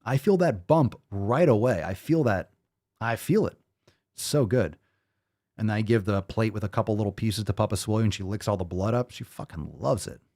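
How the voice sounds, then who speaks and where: A man hosting a live fitness Q&A stream, talking in a profane, ranting and energetic way. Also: lowish voice, normal speed. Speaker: fitness show host.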